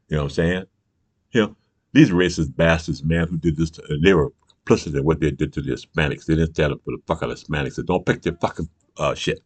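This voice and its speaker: A man's voice: rumbling low, dry recording. An older man hosting his own show, in a heated, profane political rant, often asking if you understand. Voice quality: gravelly. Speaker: show host. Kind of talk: ranting political monologue.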